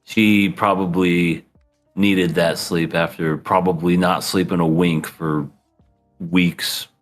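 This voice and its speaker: A man's voice: low voice, little pitch movement, slow, faint music behind. A man co-hosting a podcast in casual chat, laughing often and acting out scenes. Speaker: podcast co-host.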